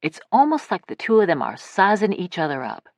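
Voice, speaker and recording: A woman reading a first-person audiobook aloud, with lively storytelling that voices the characters' dialogue. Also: medium pitch, a little fast, dry recording, clean studio sound. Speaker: audiobook narrator.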